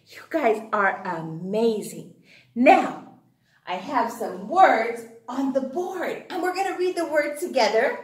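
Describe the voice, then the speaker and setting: A high, lively woman's voice teaches phonics to small children at a very slow, sing-song pace. She cheers them on and gasps with delight at their answers. The room has a noticeable echo. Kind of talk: phonics lesson for young children.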